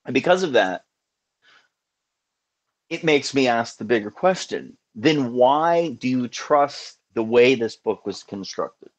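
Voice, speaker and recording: A man's voice: medium pitch, animated, slow pace. A man hosting a casual live call-in show, talking in an earnest, musing way with many restarts.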